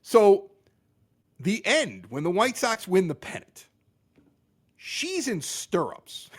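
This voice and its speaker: A middle-aged man telling a story as a podcast guest, animated and quick to act out what others said. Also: a little high. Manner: animated, exaggerated quoting of others. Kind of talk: casual storytelling.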